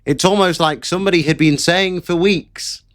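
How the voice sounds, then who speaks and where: A man's voice: high-pitched, normal speed, fairly bright tone. A man delivering sarcastic, mocking political commentary in a ranting live stream. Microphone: camera setup at home.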